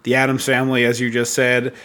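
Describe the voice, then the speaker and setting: A man co-hosting a podcast, chatting casually about a movie in an animated, joking way. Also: medium pitch. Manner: animated, jokey, quick asides. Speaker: podcast co-host.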